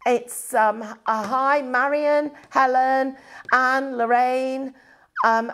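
A woman's voice: high-pitched, steady tone, drawn-out words, fairly bright tone, clear, resonant tone. A middle-aged woman presenting crafts live, chatting and rambling in a self-deprecating way. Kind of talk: live-stream product demo chat.

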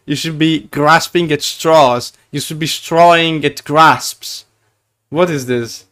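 Excitable, stammering young-sounding male streamer. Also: fairly high pitch, slow. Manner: excitable, stammering, playful, greets chat. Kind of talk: casual live-stream chat.

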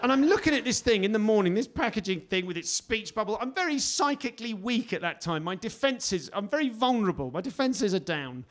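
A British man in his forties performing a stand-up comedy set, telling stories with sudden loud outbursts. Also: sits high, very animated, brisk, hardly any pauses. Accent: British English. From England. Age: 40s. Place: comedy stage before a live audience.

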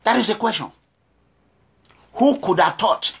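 A man's voice: high-pitched, lively intonation, measured pace, gravelly, slightly rough. A middle-aged man from Nigeria with a Nigerian accent, giving an impassioned, emphatic monologue to camera, repeating himself and firing off rhetorical questions. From Nigeria, Edo State. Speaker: activist.

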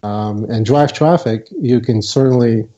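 Mellow man with a dull recording. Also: medium pitch. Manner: measured, hesitant, many fillers. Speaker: guest, software co-founder. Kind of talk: casual interview talk. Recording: dull lo-fi audio.

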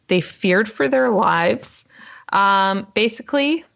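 A woman co-hosting a podcast, recounting a story in a casual, fast, filler-heavy way. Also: mid-range voice, lo-fi sound. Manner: fast-talking, lots of ums and uhs. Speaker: podcast co-host.

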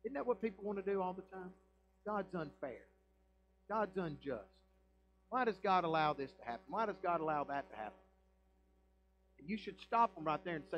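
A man, a pastor preaching a sermon in a church with emphatic rhetorical questions and swings between loud and quiet. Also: sits high, expressive, brisk, long pauses, muffled recording. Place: church sanctuary.

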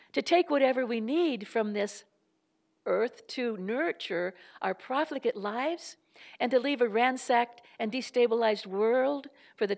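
An older woman delivers a public lecture with moral urgency, piling up rhetorical questions and repeated phrases. Her voice sits slightly high and carries a gravelly rasp. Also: darkish tone. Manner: impassioned, rhetorical questions and repetition.

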